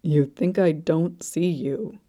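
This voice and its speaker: A stubborn, blunt young man from a storybook, speaking in short, insistent words, as a woman reads him. The voice is low and slow, with a dark, mellow tone. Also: steady tone. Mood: grumbling. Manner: terse, insistent.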